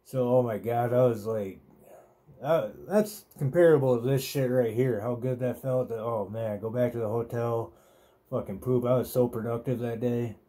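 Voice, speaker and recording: A man's voice: medium pitch, fairly even intonation, moderate pace, mellow. A man hosting a podcast, telling a rambling, profane story in a laid-back, casual way. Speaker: podcast host.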